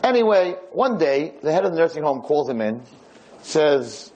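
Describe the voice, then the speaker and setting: A man's voice: on the high side, sing-song, normal speed, a little mellow, low-quality recording. A man lecturing, telling a story in a casual, conversational way.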